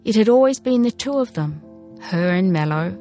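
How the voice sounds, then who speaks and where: A woman narrating a storybook in a measured, gentle reading voice. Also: mid-range voice, expressive, faint music behind.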